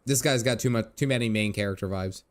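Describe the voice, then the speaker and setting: A man's voice: on the low side, fast talker. A man streaming a game, giving casual, chatty commentary with frequent laughs and casual swearing. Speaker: gaming streamer.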